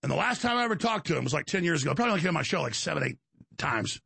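A man's voice: on the high side, big pitch swings, rapid-fire, creaky, fairly bright tone, husky, dry recording. A man hosting a talk show, telling angry stories in a rant, with frequent restarts and repeated words. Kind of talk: ranting monologue.

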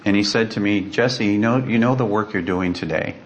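A man's voice: lowish voice, brisk, a little hiss or hum. A man from the United States, a guest earnestly and dramatically retelling a personal story, acting out the voices of the people in it.

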